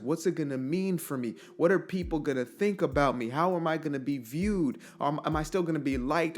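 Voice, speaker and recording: A man in a casual, earnest motivational monologue, telling stories and asking rhetorical questions. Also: on the high side. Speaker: motivational vlogger.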